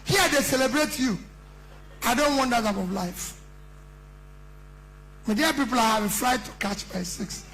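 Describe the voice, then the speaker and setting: A man's voice: very high-pitched, normal speed, pauses often, fairly bright tone, a little hiss or hum, low-quality recording. A middle-aged man with a Nigerian accent, giving an impassioned campaign speech at a conference, emphatic and full of rhetorical questions. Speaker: politician addressing a conference.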